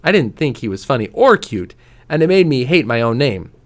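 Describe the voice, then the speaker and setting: Male reader, mid pitch, very animated delivery, livens up the quotes and sinks to a hush on quiet lines. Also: fairly quick. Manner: expressive, lively voices for quoted lines; drops to a soft, low voice on quiet lines. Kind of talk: reading a novel aloud.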